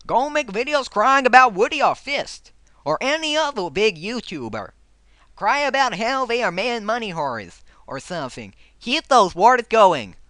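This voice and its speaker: A man's voice: sing-song, measured pace, no room sound, heavily acted. A man voicing a crude, brash male online commenter in an exaggerated mock southern drawl. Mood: taunting. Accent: mock American southern. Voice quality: loud, high and exaggerated.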